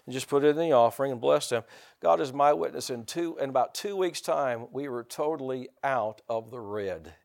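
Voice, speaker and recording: A middle-aged male pastor preaching a conversational sermon, often repeating words, asking the congregation rhetorical questions and breaking into loud bursts. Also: medium pitch, moderate pace, gravelly.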